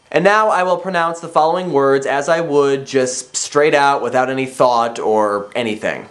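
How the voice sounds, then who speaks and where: Man, 20s, Northwest Ohio accent, casual vlog, deliberate single words. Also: mid-range voice. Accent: Northwest Ohio, Midwestern American. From American Midwest. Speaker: vlogger. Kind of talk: casual vlog, reading a word list aloud.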